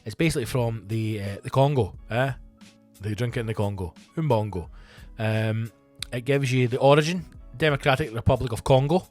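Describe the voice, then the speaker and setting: A Scottish comedian talks through a loose, profane solo podcast monologue, wandering off on asides and filling gaps with ums. His voice sits in an ordinary middle pitch. Faint music runs quietly under the talk. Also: a little fast. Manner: chatty and profane, rambling with fillers and asides.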